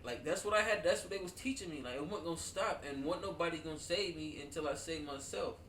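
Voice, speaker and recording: A man casually telling childhood stories to friends, animated and profane, laughing often and saying "dude" a lot. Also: on the high side, quick pace, distant mic, a little hiss or hum. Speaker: storyteller among friends. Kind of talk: casual chat. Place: at home with friends over wine. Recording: roomy, away from the mic.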